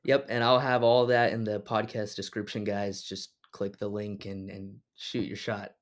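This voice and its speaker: A podcast host with a fairly low voice asks questions in a casual, friendly way. He often stops and restarts his sentences. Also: flat delivery, moderate pace. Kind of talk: casual interview.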